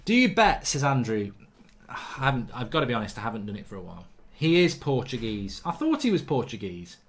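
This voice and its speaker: His voice sits at medium pitch but swoops wildly up and down as he hosts a live football watchalong. The man chats casually, reads viewer comments and gives strong opinions, staying talkative and opinionated and quickly getting worked up over the referee.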